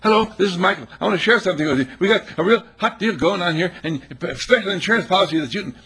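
A man voicing an upbeat male telemarketer giving a phone sales pitch, with a raspy voice. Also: animated, rapid-fire, heavily acted. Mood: salesy cheer. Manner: bright, upbeat sales patter.

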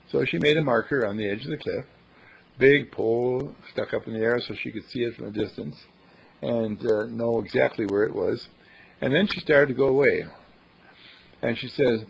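A man's voice: mid-range voice, normal speed, creaky, husky. A man, a university dean, telling a folksy, dramatic story as a thought for the day, on a dull lo-fi recording. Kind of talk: storytelling talk.

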